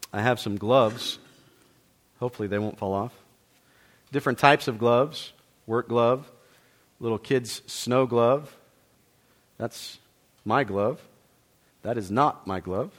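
A man preaching a sermon, reading scripture aloud and acting out the quoted exchanges with rising fervor, then dropping to a quiet, conversational tone for an illustration. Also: medium pitch.

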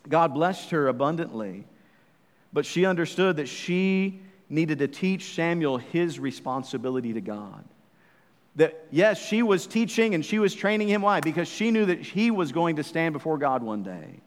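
A man preaching a sermon in a church, fervent and full of rhetorical questions, swinging from hushed to loud. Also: on the high side, big-room sound. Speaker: pastor.

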